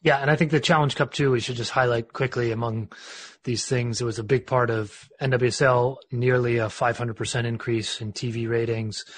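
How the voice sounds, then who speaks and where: Husky-voiced male podcast host. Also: mid-range voice, fairly even intonation, a little fast. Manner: discursive, lots of restarts and fillers. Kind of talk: casual sports podcast chat.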